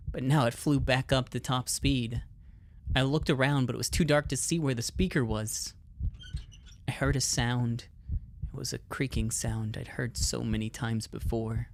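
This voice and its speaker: A man's voice: medium pitch, slight background noise. A man streaming, reading a visual novel's text aloud expressively, with casual asides.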